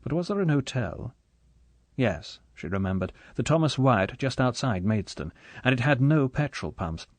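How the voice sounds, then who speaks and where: A man reading a spy novel aloud in steady, measured scripted narration. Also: medium pitch, dry recording. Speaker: audiobook narrator.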